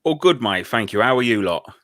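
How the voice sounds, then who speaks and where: A man's voice: medium pitch, lively intonation, brisk, fairly bright tone. A man co-hosting a football stream, making dry jokes in casual banter. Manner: dry, joking. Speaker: co-host.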